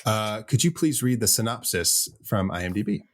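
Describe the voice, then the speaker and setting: A man's voice: fairly low pitch, lively intonation, normal speed. A man hosting a podcast in casual chat, loose and rambling with lots of ums. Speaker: podcast host.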